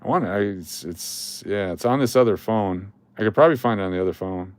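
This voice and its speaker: A middle-aged man chats through a casual vlog in a smooth, fairly low voice. He rambles, restarts and jokes as he goes. The sound is close and dry with no room in it. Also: fairly quick, no room sound. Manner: rambling and joking, with chuckles and trailing restarts. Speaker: coin collecting channel host. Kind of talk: casual vlog chat while scrolling through photos.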